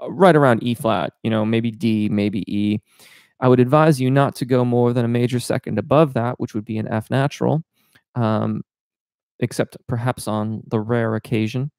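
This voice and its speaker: A man's voice: mid-range voice, a little mellow, dry recording, studio quality. A man teaching voice in a live-stream Q&A, answering chat questions in a technical, explanatory way with many filler words.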